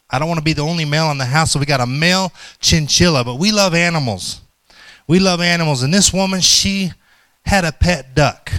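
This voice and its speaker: Smooth-voiced man preaching a sermon. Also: fairly high pitch, a bit bright, dry recording. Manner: storytelling, slows down for emphasis. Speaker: pastor. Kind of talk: sermon with a joke and scripture reading.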